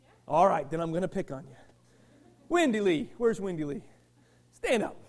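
A middle-aged male pastor, preaching a sermon and switching between shouted passages and quiet asides to the congregation. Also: high-pitched, very animated, normal speed.

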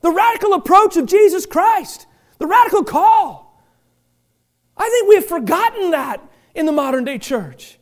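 High-voiced pastor preaching a fiery sermon. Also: male voice, sing-song, moderate pace. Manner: impassioned, repeatedly shouting; stammering restarts, self-deprecating humor. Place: church, before a congregation.

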